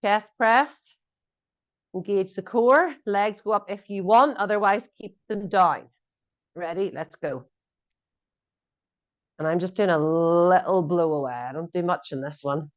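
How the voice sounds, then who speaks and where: A woman's voice: fairly low pitch, unhurried, pauses often. A woman fitness instructor coaching a workout class, giving encouraging cues and joking asides. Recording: dull lo-fi audio.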